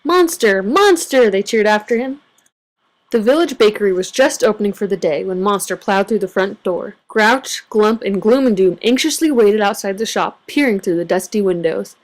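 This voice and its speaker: A woman reading a children's picture book aloud with an expressive, varied storytelling delivery. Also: medium pitch, moderate pace. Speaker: storybook reader.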